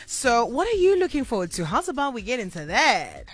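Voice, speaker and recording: A woman's voice: a little high, sing-song, fairly quick. Bubbly South African radio host woman. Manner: bubbly, chatty, laughs often. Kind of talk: late-night radio chat. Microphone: studio microphone.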